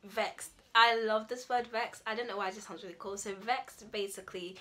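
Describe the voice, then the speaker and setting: This young adult woman from the UK vlogs about language, casually explaining slang to the camera, full of fillers and acting out example phrases. Her mid-range voice holds a steady tone, bright and forceful, and runs a little fast.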